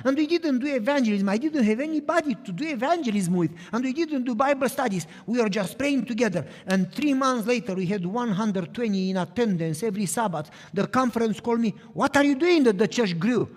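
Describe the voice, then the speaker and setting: Lively high-voiced male pastor preaching. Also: a little fast, hardly any pauses. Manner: animated storytelling, acting out dialogue. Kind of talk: sermon. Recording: long reverb of a large hall.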